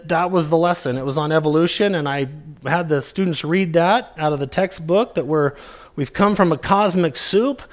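A male pastor preaching a sermon, slowly and emphatically, stretching out key words for weight. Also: a little high.

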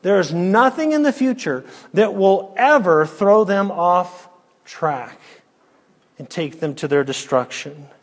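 A man preaching an expository sermon, emphatic, firing rhetorical questions and dropping to a near hush. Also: sits high, animated, takes it slowly, long reverb tail.

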